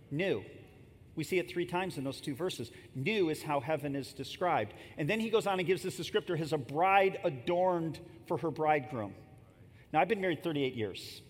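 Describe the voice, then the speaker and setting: In a church sanctuary, a pastor in his fifties delivers a sermon like he's telling a story, chatting casually with the congregation along the way. The large hall gives the audio long reverb and a faint rumble.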